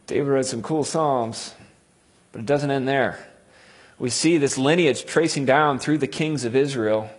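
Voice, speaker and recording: A man delivers a sermon in a husky, slightly breathy voice of middling pitch. He reads scripture dramatically, climbing to loud, urgent cries and then sinking to hushed, intimate tones. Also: a little slow. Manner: dramatic, rises to loud cries when quoting psalms, drops to hushed tones. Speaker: preacher.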